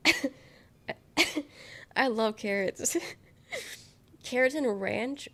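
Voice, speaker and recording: A woman's voice: on the high side, very slow, long pauses, fairly bright tone. Young female streamer, chatty and giggly, loose casual talk, faint throat tickle. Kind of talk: casual live-stream chat.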